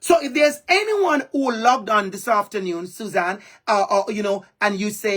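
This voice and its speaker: Speaking over a video call, a Jamaican-accented man delivers a passionate keynote, hammering his points home by repeating phrases. His voice is high and fairly bright, and he moves at a moderate pace with almost no pauses.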